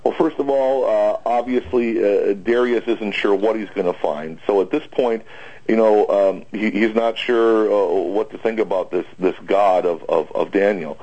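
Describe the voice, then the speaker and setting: A man, a pastor, talking through a Bible passage on a radio broadcast, halting with many fillers and restarts. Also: fairly low pitch, mellow, breathy edge, muffled recording. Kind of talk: conversational Bible discussion.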